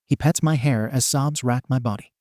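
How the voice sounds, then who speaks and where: A man narrating a fan fiction story aloud in a steady reading voice. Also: mid-range voice, moderate pace, no echo, clean studio sound.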